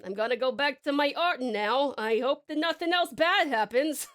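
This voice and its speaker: A woman's voice: high-pitched, normal speed, a bit bright. A woman putting on a playful joke voice while chatting with stream viewers, drawling slang and giggling. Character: woman's put-on silly redeem voice. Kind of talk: livestream chat with viewers.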